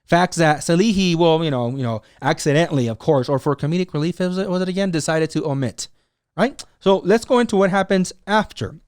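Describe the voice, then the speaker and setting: A man hosting his own commentary show, talking excitedly and sarcastically, often acting out other people's words in mocking voices. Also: a little high, fairly quick, clear, resonant tone, dry recording, studio quality. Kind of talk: animated solo commentary.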